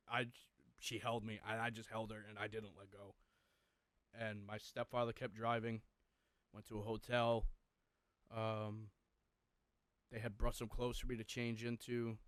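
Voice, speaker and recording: A man's voice: mid-range voice, a bit bright, clean tone, no room sound. A young man co-hosting a podcast, intensely retelling a personal story with heavy swearing. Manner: profane, intense, emotional retelling. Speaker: podcast co-host.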